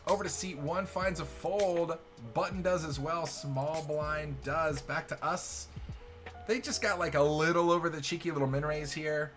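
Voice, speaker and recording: A man hosting a poker show, giving live hand commentary in a joking, excitable way that swings from loud cheers to quiet murmurs. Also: a little high, normal speed. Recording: music playing behind the voice.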